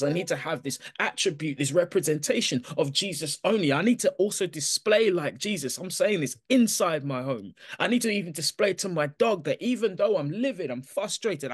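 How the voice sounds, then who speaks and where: Man giving an animated church testimony. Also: on the high side, husky, dry recording, studio quality. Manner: animated storytelling, quoting his own self-talk. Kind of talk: personal testimony to a congregation.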